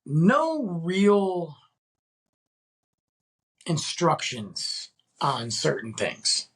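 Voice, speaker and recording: A man's voice: on the high side, huge pitch swings, drawn-out words, fairly bright tone, slightly rough. A man hosting a podcast, ranting in an exasperated, casual way and firing off rhetorical questions. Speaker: podcast host.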